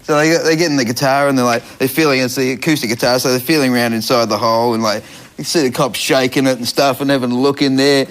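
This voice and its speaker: A man's voice: mid-range voice, fairly even intonation, quick pace, fairly bright tone. A man hosting a comedy panel show, telling easygoing stories. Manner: easygoing storyteller. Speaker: host.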